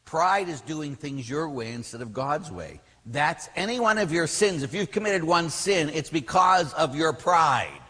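Animated priest in an echoing hall. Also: male voice, a little high, measured pace, hardly any pauses, breathy edge. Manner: animated storytelling with emphatic outbursts. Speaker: Catholic priest. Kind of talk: teaching talk to a class. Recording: long reverb of a large hall.

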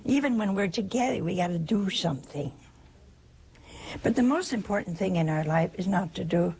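An older woman from the United States, a religious sister giving an informal spiritual talk in a chatty, anecdotal and gently humorous way. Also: medium pitch, expressive, normal speed, creaky, slight background noise.

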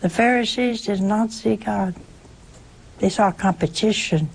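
A woman's voice: mid-range voice, unhurried, gravelly, slightly rough. An older woman giving a conversational sermon, emphatic and full of rhetorical questions. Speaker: preacher.

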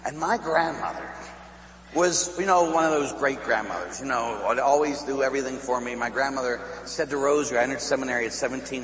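A middle-aged man from Pittsburgh, a Catholic priest telling stories in a sermon, laughing often and asking the crowd "huh?". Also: on the high side. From Pittsburgh, USA. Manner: animated storyteller who laughs and asks the crowd "huh?". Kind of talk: storytelling sermon. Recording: echoey hall with faint hum.

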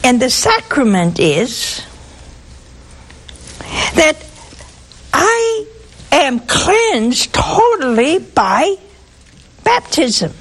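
A woman's voice: high voice, very animated, very slow, long pauses, rough recording. A woman giving a sermon, telling stories with humor and asking her listeners rhetorical questions. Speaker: preacher.

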